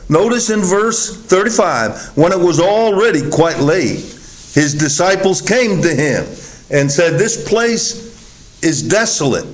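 A man preaching a sermon in a conversational way, acting out the thinking of the people in his story. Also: high voice. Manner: conversational, acts out the disciples' reasoning. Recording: echoey room, taped sermon.

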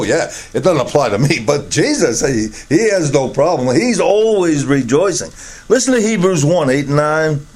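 A middle-aged man preaching a sermon, emphatic, his voice rising high to stress key words. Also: darkish tone.

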